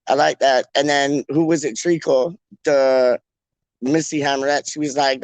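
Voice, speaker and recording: Young guy hosting a fan stream, rambling and jokey, voice on the high side, dry close mic. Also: normal speed, no echo. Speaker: fan channel host. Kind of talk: casual solo live-stream chat.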